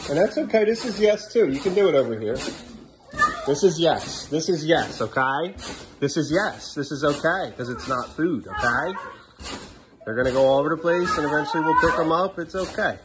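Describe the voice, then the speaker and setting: An expressive father speaks at normal speed while filming his small sons at home in their bedroom. The noisy home video captures his playful, sing-song baby talk, which often jumps up high.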